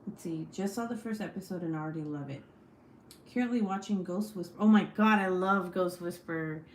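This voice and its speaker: A woman's voice: lowish voice, fairly quick, reverberant, a little hiss or hum. A woman in her forties hosting a casual livestream, chatting with viewers and reading their comments, swearing freely. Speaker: livestream host.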